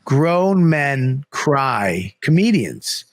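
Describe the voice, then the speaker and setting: A man's voice: medium pitch, very slow, dry recording, studio quality. A man telling a casual, profane story, acting out the people he quotes. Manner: profane, animated, acts out quotes. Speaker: guest comedian.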